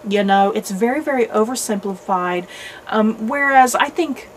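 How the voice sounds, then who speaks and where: A woman with a somewhat high voice talks through a book review in a loose, conversational way. She hedges her opinions thoughtfully, restarting sentences and leaning on "you know" as she goes. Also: normal speed, slight background noise, low-quality recording. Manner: thoughtful, hedging. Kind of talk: casual book review chat.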